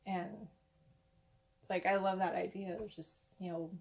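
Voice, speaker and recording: Woman, podcast host, fairly low voice, gravelly fry, supportive casual chat. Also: steady tone, a little slow, darkish tone. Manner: supportive, reflective, frequent "like".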